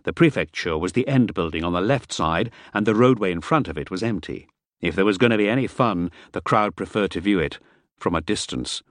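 A man narrating a first-person adventure novel as an audiobook, measured and steady. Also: low voice, dry recording, studio quality.

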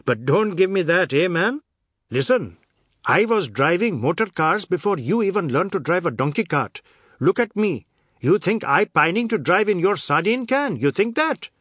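A man voicing a loud, boastful man who is quick to anger and roars his mocking lines. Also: high voice, very animated, breathy edge, no room sound, voice pushed up, exaggerated voice. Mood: angry. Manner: roaring, brash, mocking.

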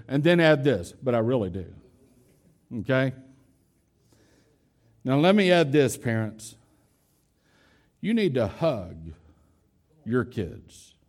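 A man preaching a sermon as pastor, emphatic, repeating key phrases and speaking straight to his congregation. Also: fairly high pitch. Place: church hall with a congregation.

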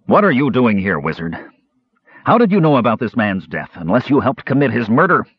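Man doing a grim accusing lord, husky, dry muffled audio. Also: on the low side, big pitch swings, measured pace, dry recording, exaggerated voice. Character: suspicious, accusing middle-aged male lord. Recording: slightly muffled dry recording.

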